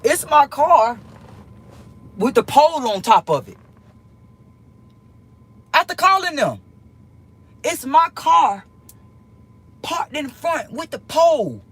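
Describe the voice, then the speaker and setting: A woman's voice: high voice, very animated, slow pace, long pauses. A woman talking straight to her viewers, telling a heated story with plenty of swearing and repeating lines for emphasis. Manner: swears freely. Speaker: vlogger.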